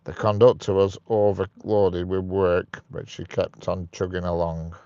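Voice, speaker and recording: A man's voice: deep voice, level tone, a little slow, mellow, no room sound, dull audio. A man hosting a casual live stream, joking and chatting with viewers as he reads their comments. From United Kingdom. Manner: chatty, jokey, laughs at his own jokes.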